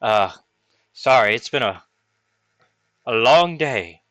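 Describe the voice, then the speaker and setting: A man doing a weary, smooth-talking schemer. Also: medium pitch, animated, takes it slowly, fairly bright tone, no echo, muffled recording. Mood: weary, friendly.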